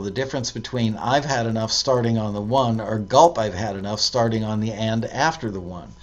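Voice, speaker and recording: A man hosting a live stream, reading out listener tips and commenting on them, with frequent ums and self-corrections. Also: medium pitch. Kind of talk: casual live-stream talk.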